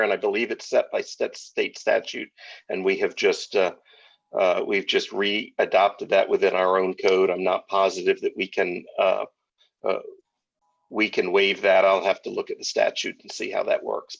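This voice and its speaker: City official on a call, gravelly husky voice, halting, lots of uhs, lo-fi sound. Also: male voice, on the low side. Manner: halting, many "uh" fillers. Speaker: city deputy director. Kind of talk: official remarks at an online meeting. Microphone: video call. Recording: muffled lo-fi call audio.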